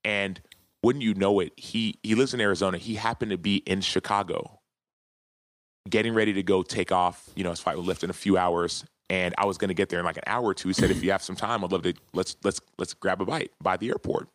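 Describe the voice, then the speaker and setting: Male podcast guest, 30s, deep voice, earnest and heartfelt, dry close sound. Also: steady tone, a little fast, dry recording. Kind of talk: casual interview storytelling.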